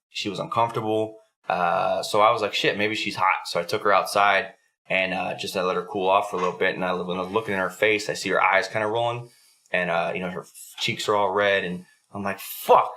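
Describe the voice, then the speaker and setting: A man's voice: lowish voice, bright, forceful tone. A young adult man hosting a podcast, telling a story in a casual, profanity-heavy way. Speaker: podcast host.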